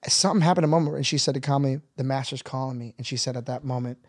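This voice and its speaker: A man's voice: medium pitch, rapid-fire, no room sound. Earnest man, dry close sound. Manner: earnest, builds to excited bursts with laughter. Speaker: guest. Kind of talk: conversational storytelling.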